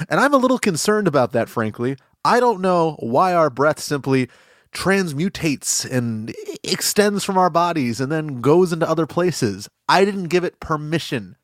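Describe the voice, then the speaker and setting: A man's voice: fairly high pitch, very animated, moderate pace, no room sound, clean studio sound. A man hosting a comedy podcast, rambling through an absurd mock-serious monologue and giggling at his own lines.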